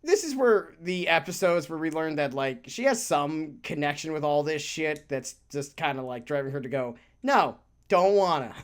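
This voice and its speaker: This podcast co-host rambles animatedly through casual chat, cursing offhandedly and laughing a lot. The voice sits in the mid range at a normal speed, with few pauses.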